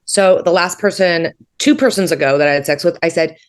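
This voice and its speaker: A woman's voice: fairly low pitch, a little fast. A woman comedian from Canada in casual comedic chat, candid and laughing, with lots of fillers. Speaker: comedian guest.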